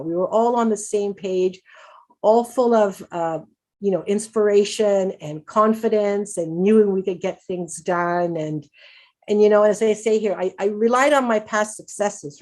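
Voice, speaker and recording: A woman's voice: mid-range voice, darkish tone. A middle-aged woman giving an upbeat, chatty conference talk as a patient advocate, laughing often and restarting her sentences. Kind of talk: conference presentation.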